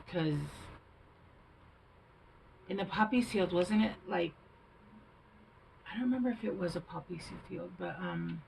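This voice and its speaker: A woman's voice: mid-range voice, gravelly, slight background noise, low-quality recording. A woman doing a casual tarot reading, chatty and rambling, thinking aloud with fillers, recorded at home on a camera mic. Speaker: tarot reader.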